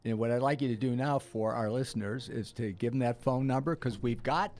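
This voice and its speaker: A man's voice: medium pitch, a little fast, darkish tone. An older man hosting a radio talk show, chatting casually and rambling with many hesitations.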